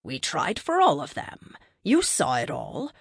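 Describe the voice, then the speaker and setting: A woman's voice: low-pitched, wildly swooping pitch, a little slow, vocal fry, husky, no room sound, studio quality, exaggerated voice. A woman voicing a questioning, frustrated cosmic being in a science fiction story, asking pressing questions. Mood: insistent. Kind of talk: audiobook character reading.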